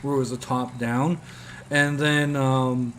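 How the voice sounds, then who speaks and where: A man's voice: medium pitch, flat delivery, takes it slowly, a bit bright, slight background noise. A man rambling through casual gameplay commentary, with lots of filler words as he tells stories. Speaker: gaming streamer.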